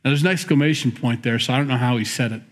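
A middle-aged man gives a conversational sermon from the pulpit. He reads a verse, then muses aloud on it with plenty of self-correction. His voice sits at an ordinary middle pitch. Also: very fast. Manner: reflective, musing, reads scripture aloud then comments. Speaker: pastor.

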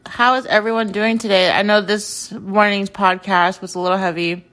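A woman's voice: medium pitch, steady tone, moderate pace, fairly bright tone. A young woman hosting a podcast, chatting casually and gushing about a band she loves, rambling and laughing often. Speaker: podcast host. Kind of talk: casual fan chat.

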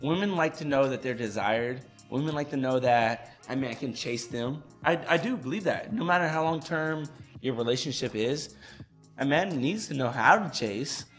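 A young adult man co-hosting a live-streamed podcast, chatting casually in animated, joking banter. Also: mid-range voice, normal speed, faint music behind. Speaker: podcast co-host.

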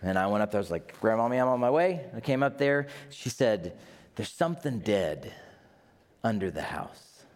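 A middle-aged man, preaching a sermon as pastor, telling stories and acting out quotes with big jumps in pitch. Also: normal speed. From Tennessee, USA. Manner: lively storyteller, acts out quotes, jumps in pitch.

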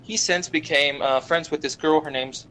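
A man's voice: a little high, slight background noise, rough recording. A young man casually retelling an anime plot, swearing a lot and briefly putting on the characters' voices. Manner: profane, animated retelling with quick voices for characters. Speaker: podcast guest.

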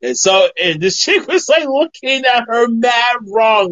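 A man co-hosting a podcast in casual chat, tossing in quick, teasing reactions and telling a short story. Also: very high-pitched, very animated, a bit bright.

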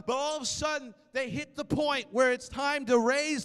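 A male pastor preaching a sermon with passion, swinging between loud exhortation and hushed storytelling. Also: extremely high pitch, steady tone, moderate pace, hardly any pauses. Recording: long hall reverb.

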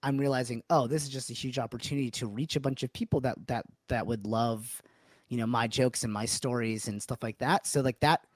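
A man's voice: mid-range voice, steady tone, no room sound. A man in his forties from New Hampshire, a guest comedian telling stories in a casual podcast chat, laughing often and restarting his sentences. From New Hampshire, USA. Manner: chatty storyteller with quick restarts and frequent laughs.

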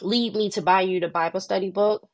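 A young woman co-hosting a faith podcast, telling her story in an animated way and jumping into high voices when she quotes people, sounding tired and worn down. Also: brisk. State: tired and under the weather. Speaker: podcast co-host. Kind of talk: casual faith podcast chat.

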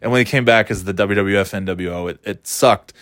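A man's voice: on the low side, fairly quick, a bit bright, no echo, studio quality. A man in his forties chatting casually, telling rambling, enthusiastic stories and laughing often. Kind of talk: casual chat.

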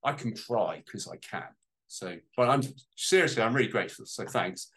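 A man talks at length to a small group, his words tumbling out in long, winding sentences. He sounds deeply moved and close to tears at times, with the open, emotional tone of a personal testimony. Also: lively intonation, normal speed, a bit bright. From United Kingdom. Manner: heartfelt, close to tears, rambling. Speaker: guest on a panel.

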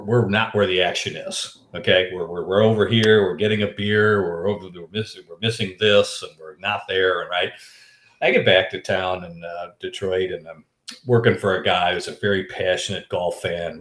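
A man telling a story in casual chat, lively and animated, slipping into other people's voices. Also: deep voice, moderate pace, roomy sound.

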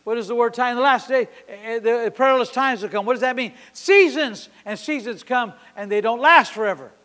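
A man in his sixties preaching a sermon at a church service. He tells a story with passion, swinging from sudden loud peaks to quiet drops. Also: extremely high pitch, a little fast. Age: 60s. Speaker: pastor. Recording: long hall reverb.

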